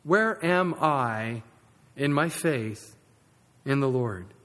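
A man preaching a sermon in a church sanctuary, swinging between loud emphasis and quiet asides. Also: mid-range voice, expressive, very slow. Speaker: pastor. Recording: long reverb of a large sanctuary.

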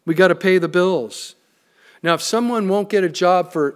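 Higher-voiced man preaching a sermon. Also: normal speed, clear, resonant tone. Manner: emphatic preaching with joking asides. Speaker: pastor.

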